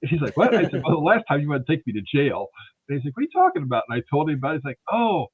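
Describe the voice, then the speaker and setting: A man's voice: a little high, animated, racing, slightly rough. A man hosting a radio interview, telling a rambling anecdote and acting out the dialogue in it. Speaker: radio show host. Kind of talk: casual storytelling interview. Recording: tinny phone-line sound.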